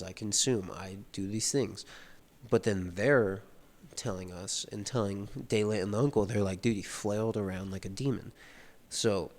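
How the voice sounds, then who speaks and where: A man reading a novel aloud and talking through it in a loose, casual way, with lots of fillers. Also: on the low side. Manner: reads passages aloud then explains them loosely, many "like" fillers. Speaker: book reader and commentator. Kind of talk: casual read-along commentary.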